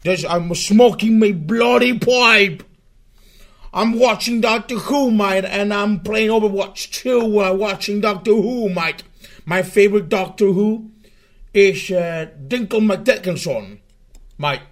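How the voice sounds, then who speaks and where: A crude, swaggering British caricature, put on by a man mid-stream. The voice is pitched up and loud. He is exaggerated and boastful the whole way through. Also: slow. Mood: boisterous. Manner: exaggerated, shouty, repeats "mate".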